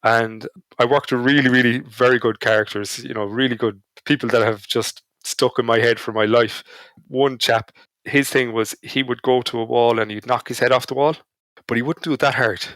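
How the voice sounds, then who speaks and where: A man's voice: medium pitch, fairly even intonation, moderate pace, fairly bright tone, no echo. A man with an Irish accent, a podcast guest telling anecdotes in a casual, self-deprecating way. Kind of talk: casual storytelling chat.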